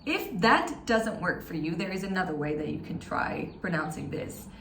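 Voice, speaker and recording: A woman teacher with a fairly low, fairly bright voice gets very animated as she leads a pronunciation lesson in stages, encouraging learners and demonstrating sounds slowly. She's a little off-mic in an echoey space with faint ambience and slight background noise.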